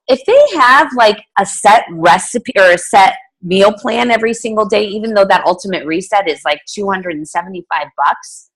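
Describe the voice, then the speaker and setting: A woman's voice: medium pitch, fairly bright tone, husky. Chatty middle-aged woman coaching a team. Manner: chatty, many fillers and restarts. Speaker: fitness coach. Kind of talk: casual team training talk.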